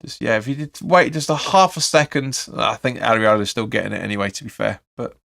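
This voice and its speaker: A man's voice: medium pitch, brisk, gravelly, fairly bright tone. A man hosting a live football watch-along, calling the play and chatting through viewer comments with blunt opinions. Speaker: fan channel host.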